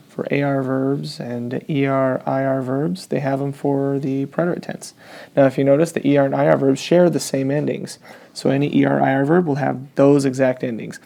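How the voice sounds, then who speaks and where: A man's voice: medium pitch, gravelly, dark tone. A man teaching a Spanish grammar lesson, explaining step by step and checking in often.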